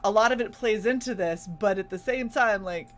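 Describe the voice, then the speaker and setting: A woman's voice: mid-range voice, moderate pace. A woman from Utah co-hosting a casual livestream, upbeat and giggly as she reads out chat comments. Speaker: co-host.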